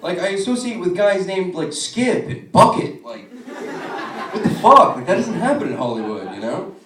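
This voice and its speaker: A young man works a comedy club stage, spinning profane, animated stories with quick asides. His voice sits a bit high and swings widely in pitch. He sounds distant, caught by a far mic in an echoey room. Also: slight background noise. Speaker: stand-up comedian. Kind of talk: stand-up comedy set.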